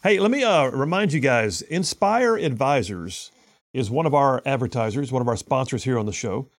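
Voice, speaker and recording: A man's voice: mid-range voice, animated, moderate pace, dry recording. A man hosting a call-in radio talk show, folksy and rambling.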